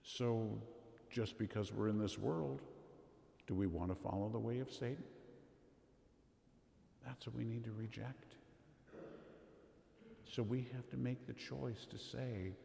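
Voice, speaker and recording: A man giving an earnest, measured homily at Mass as a Catholic priest, asking rhetorical questions. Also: mid-range voice, fairly even intonation, vocal fry, mellow, slight background noise. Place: church. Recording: echoey church with long reverb.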